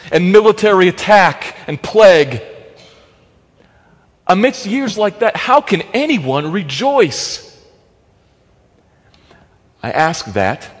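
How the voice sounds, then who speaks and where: A man preaching a sermon, emphatic, swinging between loud stressed phrases and hushed drops. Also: a little high. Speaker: pastor. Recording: long hall reverb.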